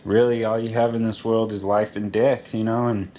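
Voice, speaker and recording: A man's voice: fairly low pitch, flat delivery, normal speed, warm tone, a little hiss or hum. A man chatting casually on a stream, telling a long story in a rambling, profane way, saying "dude" a lot and laughing as he talks. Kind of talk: casual chat.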